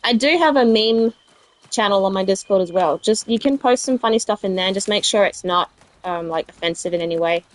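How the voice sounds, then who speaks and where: A woman's voice: mid-range voice, fairly quick, no echo. Chatty South Australian woman gaming. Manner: chatty, rambling, answers live chat. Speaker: let's play streamer. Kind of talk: casual gaming chat with viewers.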